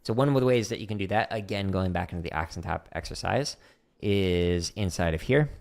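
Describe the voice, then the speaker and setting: Casual low-voiced man teaching drums. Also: brisk, vocal fry, heavy background noise. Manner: casual, thinking aloud, counting out loud while playing. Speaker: drum teacher. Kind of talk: casual livestream drumming lesson. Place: home practice room. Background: drums playing.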